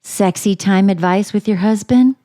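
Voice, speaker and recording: A woman co-hosting a casual chat, candid and quick to laugh, swearing freely. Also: medium pitch, mellow. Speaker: podcast co-host.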